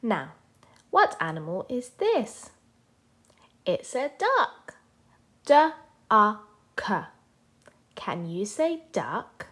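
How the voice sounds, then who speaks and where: A woman teacher leading a children's phonics lesson, sounding out letters slowly and clearly. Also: medium pitch, wildly swooping pitch, fairly bright tone. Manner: slow, sing-song, sounding out letters for children.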